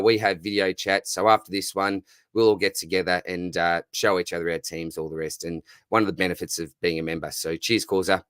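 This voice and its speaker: With clean, dry studio sound, a low-voiced, slightly bright Australian man runs a live fantasy football Q&A. He's casual and friendly, reading viewer questions out and dropping "mate" at every turn.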